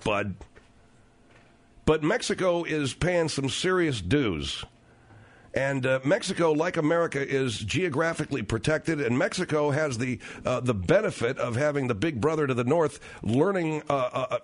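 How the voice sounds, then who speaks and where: Radio host guy, wry and sarcastic, animated delivery, mid pitch. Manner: wry, sarcastic, slangy, many fillers. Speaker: radio talk show host. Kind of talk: radio talk show commentary.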